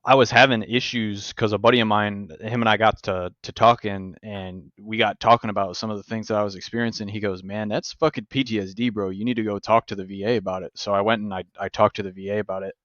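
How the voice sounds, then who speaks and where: A man hosting a podcast, telling stories in casual, profane, animated chat. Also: lowish voice, quick pace, few pauses, dry recording, lo-fi sound. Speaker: podcast host.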